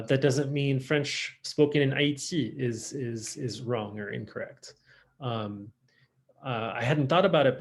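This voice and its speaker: A man with a Californian accent, teaching a French class online and modelling French words slowly and clearly. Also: medium pitch.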